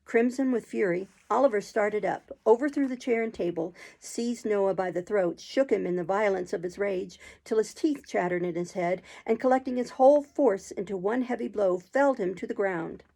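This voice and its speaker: Woman narrator, reading a novel aloud, gravelly fry, mid pitch, expressive. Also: moderate pace, few pauses, low-quality recording. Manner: expressive reading with occasional throat clearing.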